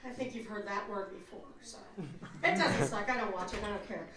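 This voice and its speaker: A woman's voice: mid-range voice, a little fast. A woman voice actress speaking on a convention panel, brash and joking as she teases the crowd. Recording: echoey hall, distant mic, crowd.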